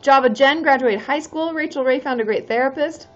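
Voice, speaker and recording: A bubbly woman with a fairly high voice chats casually on a live stream, reacting to comments with lots of "um" and "like". The audio is dull and lo-fi, with faint music underneath. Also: brisk. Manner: bubbly and chatty, frequent "um" and "like", cheering viewers on, swears casually. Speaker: therapist and live-stream host. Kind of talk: casual live-stream chat, reading viewer comments aloud.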